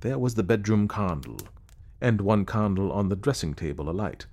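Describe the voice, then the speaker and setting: Lively-voiced man reading a ghost story. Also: lowish voice, moderate pace. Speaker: narrator. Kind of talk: audiobook narration of a classic ghost story.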